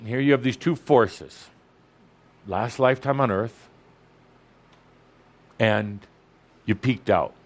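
A man's voice: mid-range voice, slow pace, long pauses. Guy lecturing a spiritual audience, teasing and poking at them, says stuff twice for emphasis. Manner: playful, provoking, repeats for emphasis. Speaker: spiritual teacher addressing an audience. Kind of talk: teasing, lively spiritual talk.

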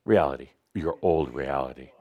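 A man giving a spiritual talk to an audience, speaking in a slow, hushed, meditative way. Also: very deep voice, slightly rough, narrow, tinny audio. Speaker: spiritual teacher.

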